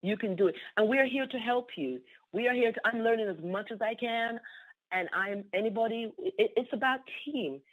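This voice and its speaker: A woman's voice: a little high, normal speed. A woman giving an exuberant, repetitive testimonial on a conference call, laughing often. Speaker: team member sharing a testimonial. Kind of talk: excited phone testimonial. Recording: tinny phone line.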